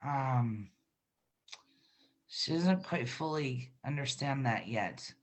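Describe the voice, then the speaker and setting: A woman's voice: very deep voice, expressive, takes it slowly. A middle-aged woman giving an intuitive reading in a casual, reassuring way, with frequent laughs and fillers. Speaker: intuitive card reader. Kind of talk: spiritual reading, casual chat.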